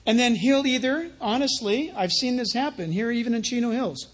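High-pitched husky male preacher. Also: moderate pace. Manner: conversational preaching with anecdotes, rising to animated emphasis. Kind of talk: sermon.

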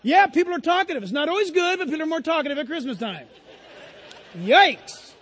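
A man's voice: very high-pitched, animated, fairly quick, a bit bright, in a large hall, some chatter behind. A male pastor preaching a sermon in a church, telling stories and asking the congregation questions. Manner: conversational storytelling, rhetorical questions to the congregation.

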